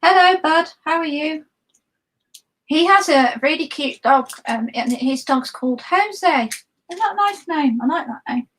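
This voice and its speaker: A high-pitched woman talks through her painting brushes on a live stream. She rambles casually, full of ums and restarts, in an easy chat. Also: unhurried, a bit bright, a little hiss or hum, poor audio. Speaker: guest watercolor artist.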